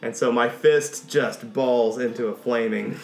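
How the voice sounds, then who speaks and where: A man's voice: mid-range voice, fairly even intonation, creaky. A man playing a tabletop game, describing his moves in a playful way and laughing easily. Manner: playful, quick to laugh, describes actions eagerly. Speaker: player. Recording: roomy echo, faint music behind.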